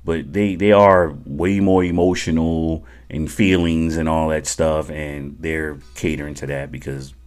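A man in his forties, an army veteran who tells stories on a podcast in a casual, profane, jokey way. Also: rumbling low.

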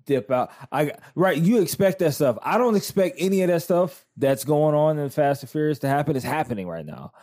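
Man, podcast co-host, casual chat, rambling animated storyteller, dry sound. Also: on the high side, fairly quick, hardly any pauses, no echo.

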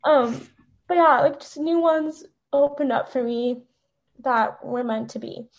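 A young woman, a podcast guest, telling an emotional personal story in a halting, tearful way with many fillers. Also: sits high, dull audio.

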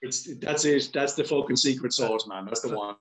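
An Irish man chatting as a podcast guest, swearing freely and telling animated stories. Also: medium pitch, normal speed, low-quality recording. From Ireland. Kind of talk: casual podcast chat.

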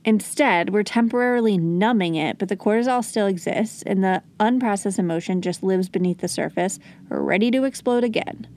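Calm woman giving parenting advice. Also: mid-range voice, moderate pace, hardly any pauses. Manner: calm, explanatory, models gentle phrases to children. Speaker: podcast host. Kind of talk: solo parenting advice talk.

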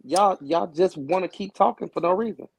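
Gravelly, husky man in casual chat. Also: sits high, moderate pace, no echo. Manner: expressive, acts out dialogue. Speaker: podcast guest.

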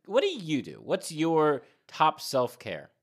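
A man co-hosting a casual podcast, excitable and rambling, laughing often. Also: a little high, takes it slowly. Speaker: podcast co-host.

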